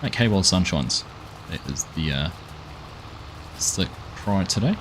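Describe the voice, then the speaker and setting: A man's voice: low voice, animated, moderate pace, noisy background. A man hosting a live farming game stream, chatting casually and greeting viewers by name in a friendly, upbeat way. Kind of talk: live gameplay commentary.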